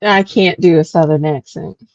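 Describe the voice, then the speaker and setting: A woman's voice: sits low, fairly even intonation, normal speed, dull audio. A woman from the Pacific Northwest in a casual chat, giggly and self-deprecating.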